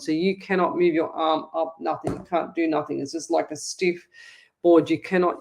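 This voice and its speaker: A woman hosting a live psychic reading show, talking to viewers in a rambling, chatty way with many restarts. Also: lowish voice. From Australia. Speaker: psychic medium host.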